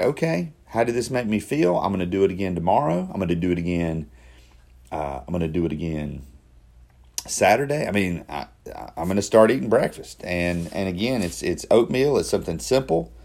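A man with a low, deep voice thinks out loud in a relaxed video diary. He rambles a little, restarting and correcting himself mid-sentence. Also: fairly quick. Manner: rambling, self-correcting, with repeated starts. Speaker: daily video diarist. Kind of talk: casual self-reflective monologue.

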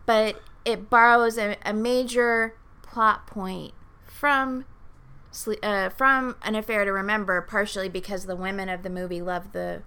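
A woman's voice: mid-range voice, steady tone, measured pace, pushed and bright, clean tone. A woman co-hosting a casual movie chat, thoughtful and teasing. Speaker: podcast co-host.

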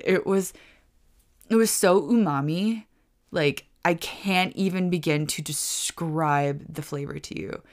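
Rambling, gushing woman, slightly low. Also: clear, resonant tone. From United States. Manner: rambling and gushing, full of "like" fillers. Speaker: podcast host. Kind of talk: casual storytelling monologue.

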